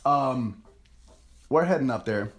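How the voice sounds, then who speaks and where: A young man telling a story on his podcast in a loose, rambling way. He swears a lot and pokes fun at himself. His voice sits at an ordinary middle pitch. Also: lively intonation, takes it slowly. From United States. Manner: profane, rambling and self-mocking. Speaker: podcast host. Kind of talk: casual storytelling monologue.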